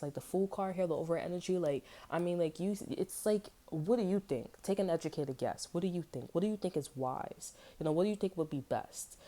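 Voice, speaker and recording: A woman with a low, mellow voice talks through a tarot reading in a loose, meandering way. She keeps checking in with "you know what I'm saying" and curses casually, with a blunt, unfiltered edge. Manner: blunt and swearing freely. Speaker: tarot reader.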